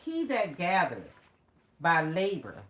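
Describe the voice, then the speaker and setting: A woman's voice: lowish voice, wildly swooping pitch, unhurried, reverberant, slight background noise. An older woman hosting a faith and finance livestream, teaching from scripture with emphatic preaching and greeting chat viewers by name.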